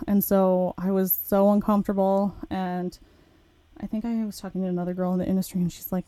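A woman's voice: mid-range voice, a little fast, no room sound. A young woman podcast host telling a personal story in a candid, chatty way, acting out her own quoted thoughts. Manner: candid, chatty, animated retelling with quoted asides. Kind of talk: casual storytelling.

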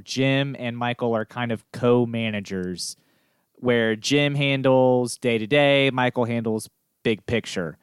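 A man's voice: mid-range voice, clear, resonant tone, no room sound, studio quality. A man co-hosting a podcast in casual chat, explaining things in a friendly way and chuckling often. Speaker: podcast co-host.

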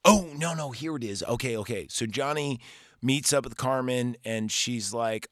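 A male podcast host giving a rambling, profane, animated casual recap of a movie. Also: medium pitch, normal speed, no echo, clean studio sound.

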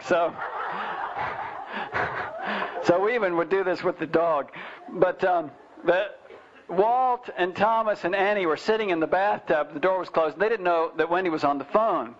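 A man's voice: sits high, moderate pace, slight background noise. A man teaching parents in an informal talk, telling family stories with restarts and fillers. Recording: dull lo-fi recording.

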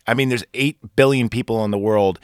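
A man's voice: medium pitch, brisk, clear, resonant tone, no echo, clean studio sound. A man hosting a casual podcast, recapping a film in a rambling way with crude jokes and lots of fillers. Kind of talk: casual chat.

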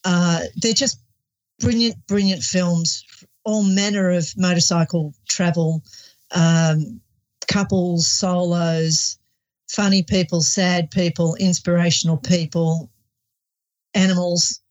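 A woman's voice: on the low side, steady tone, takes it slowly, darkish tone. A woman co-hosting a podcast, chatting enthusiastically and laughing easily, heard over a remote connection. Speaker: co-host. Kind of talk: casual group chat on a podcast. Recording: dull lo-fi remote audio.

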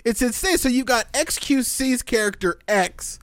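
A man co-hosting a podcast, telling stories in an excited casual chat with frequent swearing and laughter. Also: very high voice, moderate pace, no echo. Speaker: podcast co-host.

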